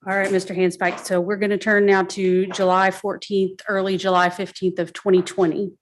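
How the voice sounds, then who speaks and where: A woman attorney questioning a witness in court, methodical and brisk, steering the answers with short questions. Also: medium pitch, flat delivery, a little hiss or hum.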